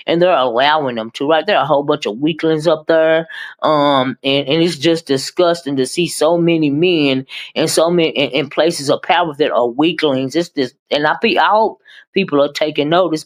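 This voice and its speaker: A woman hosting a casual live-stream commentary, chatty and animated, calling viewers "child" and "honey" and sometimes rushing her words. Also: low voice.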